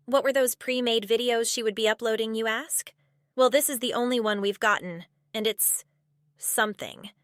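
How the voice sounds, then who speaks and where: A woman narrating a commentary video with blunt sarcasm. Her voice sits a little high, and the voice-over is dry, close and clean. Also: moderate pace, a bit bright, smooth, no room sound. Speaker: commentary YouTuber.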